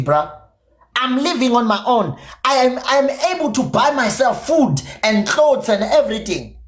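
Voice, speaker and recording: A South African man with a Zulu-inflected accent, a native isiZulu speaker, ranting confrontationally and profanely on his podcast stream. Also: extremely high pitch. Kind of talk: angry livestream rant. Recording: echoey room.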